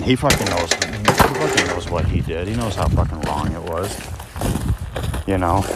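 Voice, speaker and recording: A man telling rambling personal stories as a podcast host, heated and profane, with many fillers and restarts. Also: deep voice. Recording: steady audible noise with clicks.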